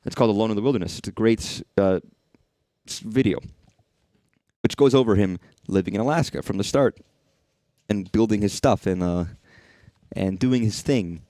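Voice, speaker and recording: A man's voice: lowish voice, normal speed, long pauses, dark tone, dry recording. A man streaming a horror game, rambling and swearing freely as he talks to the things on screen. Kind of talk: casual live-stream commentary.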